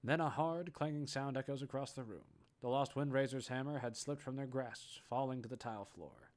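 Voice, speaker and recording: A man's voice: mid-range voice, a little fast, a little mellow. A man narrating audition scripts aloud, reading steadily and correcting small slips as he goes. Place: online voice chat.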